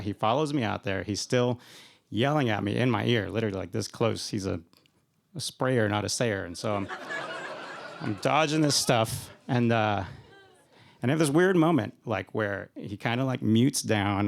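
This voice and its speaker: A man's voice: mid-range voice, moderate pace, gravelly. A man telling a humorous personal story on stage at a live event, rambling and self-deprecating, often laughing as he talks.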